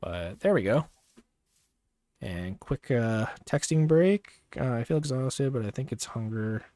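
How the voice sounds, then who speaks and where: A young man talking casually as he plays a game on a livestream, relaxed and rambling with many fillers and pauses. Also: mid-range voice. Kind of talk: casual gameplay commentary.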